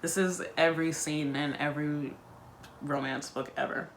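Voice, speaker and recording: With a deep voice and fairly even intonation at a moderate pace, a woman reads a book aloud for her video channel. Between passages she drops in chatty, wry asides, and there's slight background noise.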